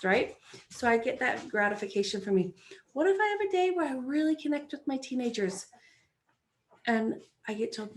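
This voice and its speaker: Woman in her 40s, life-coach podcast host, encouraging and earnest, somewhat high-pitched. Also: lively intonation, brisk, darkish tone, a little hiss or hum. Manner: earnest, encouraging, acts out inner voices. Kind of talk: solo podcast talk.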